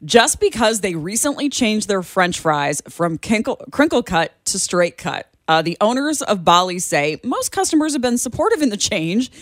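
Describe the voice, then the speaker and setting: A woman's voice: medium pitch, very animated, normal speed, hardly any pauses, dry recording, studio quality. A woman co-hosting a radio show, reading news items in a chatty, amused way. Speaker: radio co-host. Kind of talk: casual radio chat.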